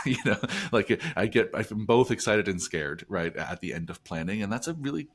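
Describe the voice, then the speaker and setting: A man's voice: fairly low pitch, lively intonation, moderate pace, few pauses, a bit bright. A man from New Jersey hosting a business podcast, chatty and upbeat, often restarting phrases as he talks. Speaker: podcast host. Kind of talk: casual podcast conversation.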